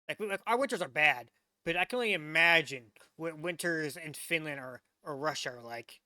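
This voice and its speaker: Rambling, stammering young-sounding guy with a bright, dry voice. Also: a little high, lively intonation, moderate pace, dry recording. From United States. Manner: rambling, stammering restarts, heavy use of "like"; incredulous, swearing. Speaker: VTuber reaction host. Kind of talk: casual reaction commentary.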